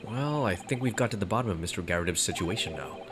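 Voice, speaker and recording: A man's voice: lowish voice, animated, fast, noisy background, close to an everyday voice. A man reading an earnest young lawyer. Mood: puzzled.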